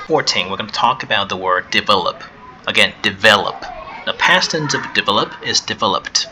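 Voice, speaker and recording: A man's voice: lowish voice, expressive. Patient man teaching vocabulary, noisy recording. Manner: patient explaining, repeats words slowly for pronunciation; switches briefly into Chinese for translations.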